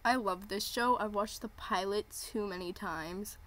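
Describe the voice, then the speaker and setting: A woman's voice: mid-range voice, measured pace. A young woman, nervously gushing while waiting live for a show premiere. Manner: excited, gushing, repeating herself. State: nervous and jittery. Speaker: streamer reacting to a premiere. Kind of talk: live reaction vlog.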